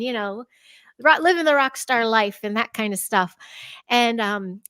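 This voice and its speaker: Middle-aged woman, from the Chicago area, animated storyteller, fairly high voice, dry close sound. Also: no echo. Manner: animated, laughs often, acts out her own past words in a bright high voice. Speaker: podcast guest. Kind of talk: personal storytelling in a conversational interview.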